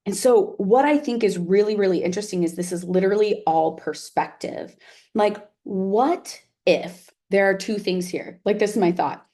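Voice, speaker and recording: A woman's voice: mid-range voice, moderate pace, warm tone. A woman teacher talking casually to camera, often checking in with "right?" and "like". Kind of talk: casual reflective talk to camera.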